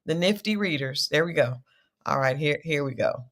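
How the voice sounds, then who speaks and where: Low-voiced woman chatting in a recap. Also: expressive, normal speed. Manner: chatty, with restarts and giggles. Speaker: co-host. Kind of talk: casual reality-show recap chat.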